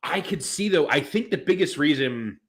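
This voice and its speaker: A man's voice: on the high side, animated, normal speed, a bit bright. A man co-hosting a wrestling podcast, talking casually in long rambling turns full of fillers and restarts. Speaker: podcast co-host.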